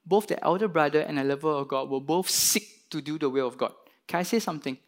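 Animated preacher man. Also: on the high side. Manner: animated, voices the parable's characters with rising emphasis. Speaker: pastor. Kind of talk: sermon.

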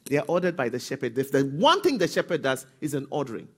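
A man preaching a sermon as pastor, calling on the congregation to respond and rising to shouts. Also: medium pitch, very animated, fast talker, breathy edge.

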